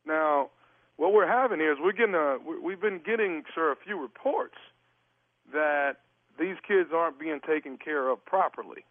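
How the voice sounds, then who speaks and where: A stern, formal child services caseworker, put on by a man on a prank call, who keeps calling the other man sir. His voice sits fairly high and comes through a tinny phone line with no room around it. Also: moderate pace, no room sound, natural voice. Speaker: prank caller.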